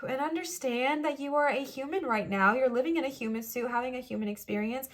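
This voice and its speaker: A young woman reads tarot cards for her viewers in a chatty, playful voice that sits a little high. She reassures her listeners warmly and now and then slips into little acted-out quoted voices. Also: a little fast. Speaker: tarot reader. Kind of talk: pick-a-card tarot reading.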